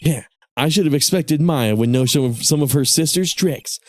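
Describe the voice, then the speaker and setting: A man's voice: on the high side, moderate pace, pitched above the performer's own voice, natural voice. A man doing a jittery young anime-style lawyer. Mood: nervous. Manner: anime-protagonist delivery.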